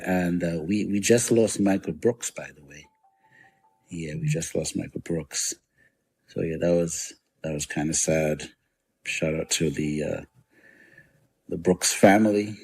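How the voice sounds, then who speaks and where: A man's voice: deep voice, vocal fry, darkish tone, slightly rough. A man hosting a radio show, chatting casually and rambling through memories with lots of fillers and restarts. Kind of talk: casual storytelling chat.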